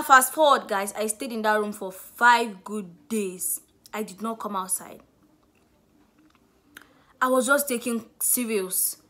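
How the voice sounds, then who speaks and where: A young Nigerian woman with a Nigerian accent telling a lively story-time vlog, acting out what people said. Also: medium pitch. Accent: Nigerian English. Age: young adult. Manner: animated storytelling, acts out quotes. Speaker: student vlogger.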